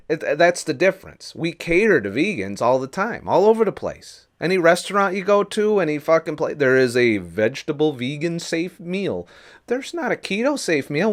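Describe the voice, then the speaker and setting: Profane, ranting man vlogger. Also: fairly high pitch. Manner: profane, heated ranting with mocking mimicry. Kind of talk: ranting opinion vlog. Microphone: camera mic.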